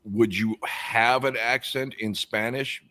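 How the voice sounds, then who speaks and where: A man's voice: mid-range voice, steady tone, slow, pushed and bright. A man co-hosting a casual live stream, reading out viewer comments and musing aloud in a rambling way with lots of fillers.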